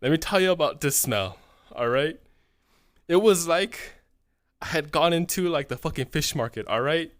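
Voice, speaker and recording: A man's voice: a little high, lively intonation, no echo. A profane, rambling young man, dry sound. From California. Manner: profane, rambling, fills every pause with "right?". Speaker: streamer. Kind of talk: casual storytelling to chat.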